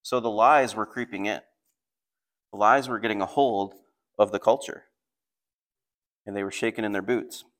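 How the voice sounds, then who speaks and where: With a steady tone at normal speed, a pastor pauses often while he explains a passage and reads scripture aloud with growing intensity between plain commentary. His voice is on the low side and fairly bright.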